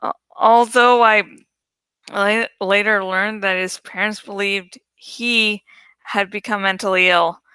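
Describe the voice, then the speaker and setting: A woman reading a novel aloud in first-person audiobook narration, slow and deliberate. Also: mid-range voice, steady tone, sharp tone, smooth, no room sound. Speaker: audiobook reader.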